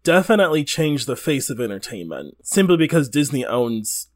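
A man's voice: mid-range voice, very animated, normal speed. A man co-hosting a podcast in casual chat, rambling, swearing freely and laughing often. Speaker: podcast co-host.

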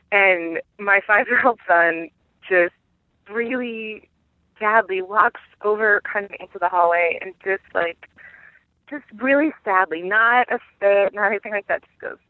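A woman's voice: medium pitch, unhurried, dry recording. Woman ranting over a tinny phone line. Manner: rambling, self-mocking, breaks into laughter. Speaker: caller sharing a parenting story. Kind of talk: recorded phone rant.

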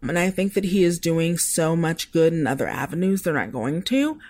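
Casting: animated woman podcast co-host, swooping pitch, easy laughs. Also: normal speed. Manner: expressive, giggly, swoops in pitch. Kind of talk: casual chat.

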